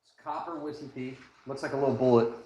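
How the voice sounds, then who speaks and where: A man chatting casually on a livestream in a loose, joking, rambling way. He talks from home and later from his garage, carrying his phone as he goes. His voice sits at an everyday pitch. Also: fairly even intonation, fast, mellow, a little hiss or hum. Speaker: whiskey livestream host. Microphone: handheld phone.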